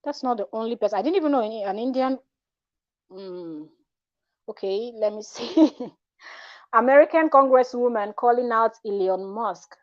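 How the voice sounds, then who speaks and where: A woman's voice: a little high, expressive, normal speed, no room sound, lo-fi sound. A woman vlogger talking casually and frankly, rambling with restarts and asides. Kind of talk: casual commentary vlog.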